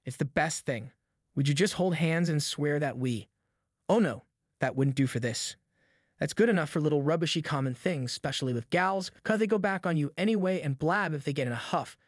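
A man's voice: on the high side, a little fast, dry recording, studio quality, close to an everyday voice. A man voicing two frightened backwoods boys who whisper in a rustic drawl. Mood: scared whisper. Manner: rustic dialect drawl, hushed and fearful.

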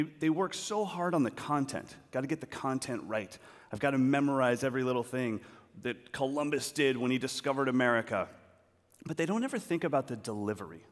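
A man giving a storytelling talk on a large auditorium stage, acting out scenes as he goes. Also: mid-range voice. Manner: animated, acts out scenes. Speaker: speaker at a talk. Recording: long reverb of a large hall.

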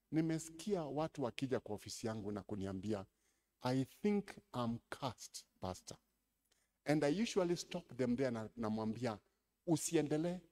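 A Kenyan man preaches a sermon and slips between English and Swahili. His voice sits a little high and moves all over its range, from low, quiet storytelling to loud, ringing calls to the congregation. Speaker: pastor.

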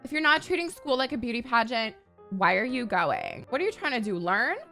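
Sassy gamer girl, high bright voice swinging all over, cursing and gasping, faint game music behind. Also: a little fast. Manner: sassy, profane and excitable, frequent gasps. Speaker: gaming YouTuber. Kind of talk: gameplay commentary.

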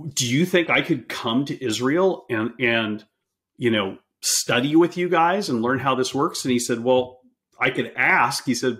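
A man telling a story as a podcast interview guest, animated, often repeating words as he restarts sentences. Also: mid-range voice.

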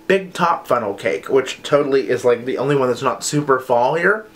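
A man's voice: mid-range voice, animated, normal speed, fairly bright tone, slight background noise. A young man chatting casually to camera as he reviews wax melts, rambling and filling his talk with "like" and "um". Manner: chatty, rambling, says "like" often.

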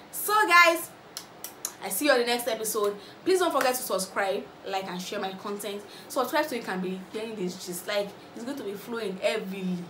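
A young woman with a Nigerian accent tells reality-show gossip at a rapid clip, slipping into the voices of the people she quotes. Her voice rings in a roomy, echoing space. Faint ambient sound sits underneath. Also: medium pitch, a little hiss or hum. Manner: animated gossipy storytelling, acting out others' lines. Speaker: vlogger. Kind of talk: casual reality-show recap.

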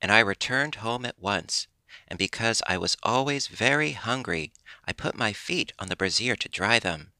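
A man's voice: lowish voice, lively intonation, normal speed, sharp tone, dry recording, heavily acted. A man voicing a fretful, greedy wooden puppet boy who wails and complains in a raised, strained voice. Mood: wailing. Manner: wailing, fretful.

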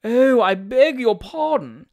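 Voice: mid-range voice, very animated, moderate pace, darkish tone, pitched above the performer's own voice. A reader voicing an affected upper-middle-class woman with a careless, genteel, self-important manner in an audiobook. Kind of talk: audiobook character voice.

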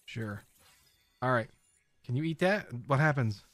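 A man giving casual running commentary as he plays a video game, talking to his viewers and often bursting into excited exclamations. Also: medium pitch, a little slow, long pauses, no echo. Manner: excitable, squeals often, chatty. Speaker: game streamer.

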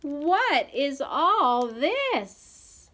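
A woman voicing a gentle, amused mother talking lovingly to her young children in a storybook read-aloud. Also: medium pitch, very animated, slow pace. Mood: fond.

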